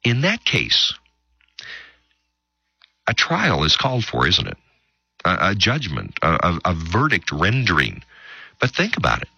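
A man hosting a radio Bible teaching show, speaking emphatically with long dramatic pauses and quick asides. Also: on the low side, bright, forceful tone, slightly rough, dry recording, dull audio.

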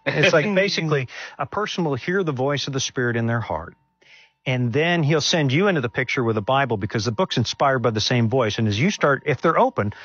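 A man's voice: medium pitch, fairly bright tone, husky, no room sound, muffled recording. A man speaking as a guest in an onstage question-and-answer, sharing his testimony in an earnest, conversational way with frequent restarts.

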